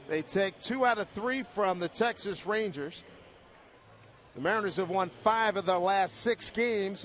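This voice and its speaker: A man's voice: high-pitched, fairly bright tone, slight background noise. A middle-aged man giving upbeat play-by-play commentary on a ball game. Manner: upbeat, enthusiastic wrap-up. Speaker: play-by-play announcer. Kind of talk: sports commentary.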